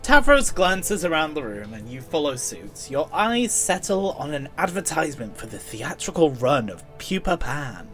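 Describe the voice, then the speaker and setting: A man reading a webcomic aloud with friends, casual, swearing and making quick asides. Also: fairly high pitch, very animated, a bit bright, soft background music. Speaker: co-host, reader.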